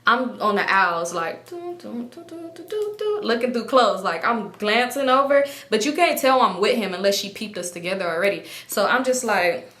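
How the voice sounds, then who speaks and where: A young woman telling a casual, animated story and acting out what other people said, swearing freely. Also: medium pitch, moderate pace, roomy sound. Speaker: storytime vlogger.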